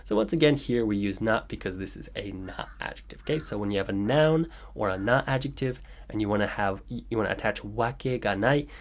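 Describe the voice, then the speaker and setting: A man's voice: lowish voice, fairly quick, hardly any pauses. A man teaching Japanese grammar in a video lesson, patiently explaining phrases and reading example sentences aloud, often checking in with "okay.". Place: home room with birds heard outside.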